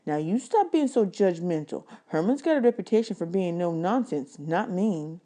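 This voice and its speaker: A woman's voice: lowish voice, lively intonation, moderate pace, mellow, lightly acted. A woman reading as a teasing older man. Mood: explaining. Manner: teasing, folksy. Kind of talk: storybook read-aloud.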